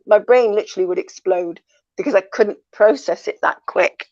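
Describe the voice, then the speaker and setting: A woman's voice: on the low side, fairly even intonation, normal speed. Reflective woman coach, lo-fi recording. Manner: reflective, explanatory, speaks from personal experience. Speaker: life coach. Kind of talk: conversational talk show discussion.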